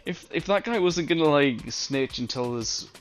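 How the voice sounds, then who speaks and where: A man's voice: a little high, expressive, moderate pace. A man co-hosting a podcast, chatting casually and wryly, acting out characters' lines as he retells scenes. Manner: wry, acts out characters' lines when retelling. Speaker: podcast co-host. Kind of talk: casual chat recapping a cartoon.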